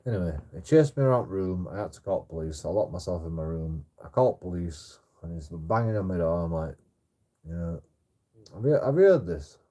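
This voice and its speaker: A man's voice: low voice, brisk, warm tone. A young man telling a rambling story on a livestream, swearing often, stammering and restarting his sentences.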